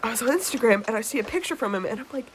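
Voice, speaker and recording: Her voice a little high, she speaks rapid-fire with lively intonation: a young gaming streamer from the United States spinning a meandering, filler-heavy story laced with casual swearing. Game sounds and hoofbeats run beneath her.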